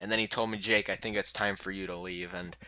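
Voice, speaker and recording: A man casually recapping a game he played as a YouTuber, rambling and excitable with lots of fillers. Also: fairly low pitch, fast, gravelly, no echo.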